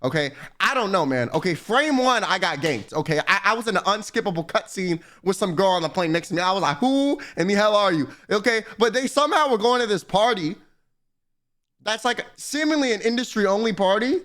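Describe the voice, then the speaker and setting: High voiced streamer guy ranting through a story, swears a lot. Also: a little fast. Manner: profane, rambling, animated. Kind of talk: casual storytelling chat.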